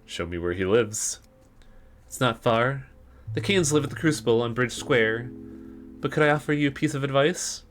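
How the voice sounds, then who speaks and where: A man's voice: medium pitch, normal speed, soft background music, natural voice. A man reading as an enigmatic young woman. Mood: musing.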